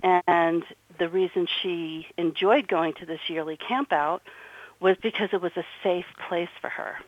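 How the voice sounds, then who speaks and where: A woman's voice: lowish voice, steady tone, a little slow, dry recording. Earnest middle-aged woman telling a story. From New Jersey. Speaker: guest, author. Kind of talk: conversational interview. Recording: dull, muffled audio.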